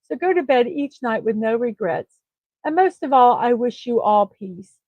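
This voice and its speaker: Her intonation lively and her pace normal, a woman with a fairly high voice chats in a friendly way on her own morning livestream, with frequent ums and uhs. The sound is phone quality, with no room sound.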